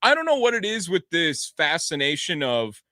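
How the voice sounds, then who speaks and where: A man co-hosting a sports radio show in a studio, chatting casually with opinionated, quick asides. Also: fairly high pitch, very animated, bright, forceful tone, no echo. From moved to Wisconsin at fourteen.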